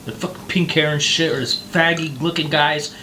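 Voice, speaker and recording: A man's voice: fairly high pitch, steady tone, normal speed, sharp tone, slight background noise, poor audio. A man co-hosting a casual talk show, ranting heatedly and swearing often. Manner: profane, heated ranting with mocking put-on voices. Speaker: podcast co-host.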